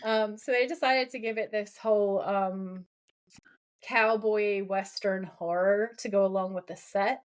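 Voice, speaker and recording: A woman's voice: medium pitch, fairly even intonation, a little slow. A woman co-hosting a podcast, chatting casually as she recaps a TV episode and reads out lines from it. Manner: retells scenes by reading out lines, with many fillers. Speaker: podcast co-host.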